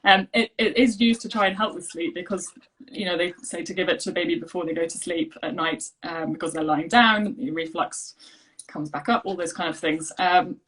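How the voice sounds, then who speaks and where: A woman's voice: fairly low pitch, fairly quick, a bit bright, low-quality recording. A woman, an allergy coach, talking casually over a video call with lots of fillers and restarts. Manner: chatty, many fillers and restarts. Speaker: allergy health coach, guest. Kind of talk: casual conversational interview.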